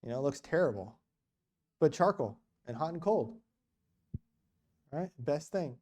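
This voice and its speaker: A man with a mellow, warm voice tells mission stories at a church gathering. He talks casually and restarts his sentences often. The delivery is relaxed and conversational. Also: on the high side, measured pace, slight background noise. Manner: casual, animated storytelling with many restarts. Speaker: guest speaker on mission work. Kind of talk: storytelling church talk.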